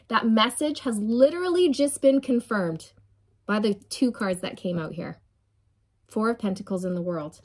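A woman's voice: mid-range voice, lively intonation, a little slow. A woman giving a channeled tarot reading, emphatic and encouraging, often repeating phrases and checking in with "okay?" and "right?". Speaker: tarot reader.

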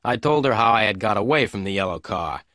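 A man reading a detective story aloud in clear, measured narration for English learners. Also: lowish voice, animated, pushed and bright, no echo, studio quality. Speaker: audiobook narrator.

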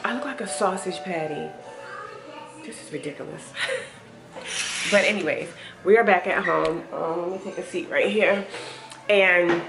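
Mom vlogging casually, talks on and on, music playing behind her. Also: on the low side. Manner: chatty, rambling, uses y'all. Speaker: family vlogger, mother. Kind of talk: casual vlog chat.

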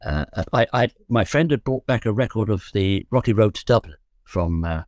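Animated and slightly mellow, this fairly low male voice moves at a normal speed in a clean studio setting with no room sound. The speaker, a Londoner in his seventies and a guest musician, tells relaxed stories of his youth, rambling, joking and correcting himself.

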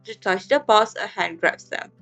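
A woman calmly narrating a romance story in second person and reading the heroine's lines in a soft, even voice. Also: medium pitch, normal speed, vocal fry, faint music behind.

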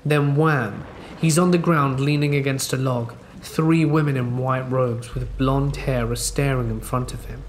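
A man narrating true scary stories in a calm, measured storytelling way. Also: mid-range voice, a little hiss or hum. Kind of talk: scripted narration. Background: faint rain ambience.

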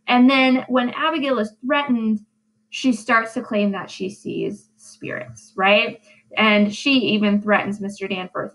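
A woman teacher talks through a recorded lesson recap in a casual, chatty way, often checking in with her listeners. Her voice sits fairly high. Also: unhurried, a bit bright, rough recording. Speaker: English teacher.

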